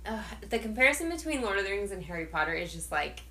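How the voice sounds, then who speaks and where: A woman's voice: mid-range voice, sing-song, fast, pushed and bright, a little hiss or hum. A young woman co-hosting a casual movie podcast, chatty and insistent. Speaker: podcast co-host. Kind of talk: casual chat.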